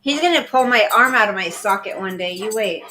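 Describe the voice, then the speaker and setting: A woman's voice: mid-range voice, lively intonation, fairly quick, sharp tone, soft background music. An older woman hosting a casual live stream, talking playfully to her dog and laughing often.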